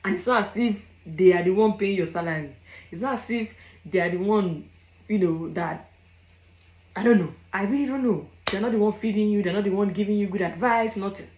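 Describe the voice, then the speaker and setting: A woman's voice: medium pitch, fairly quick, a little mellow. Young African woman, casual advice vlog, emphatic repeats, echoey room. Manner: emphatic, repeats phrases, laughs between points. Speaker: vlogger.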